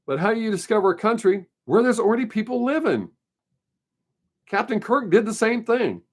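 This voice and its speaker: A man's voice: high voice, sing-song, normal speed. A man hosting his weekly live stream, chatting casually and answering viewer comments in a rambling, opinionated way. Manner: rambling, opinionated, laughs often.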